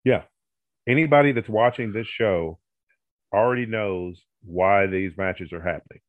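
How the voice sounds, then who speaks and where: A man's voice: fairly low pitch, unhurried, no room sound. A man co-hosting a podcast in casual chat, agreeable but opinionated. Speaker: podcast co-host. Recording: tinny phone-like line.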